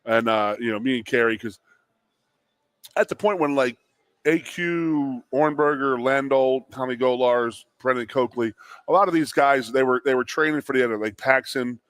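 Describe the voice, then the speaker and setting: A man in his forties co-hosts a sports talk show and tells an old recruiting story in casual chat. He is an animated storyteller who acts out quotes in raised voices, at a pitch in an ordinary middle range. The booth sounds dry and close, with no room behind him. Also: moderate pace, no echo. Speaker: radio show co-host, former college lineman. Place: studio at a restaurant.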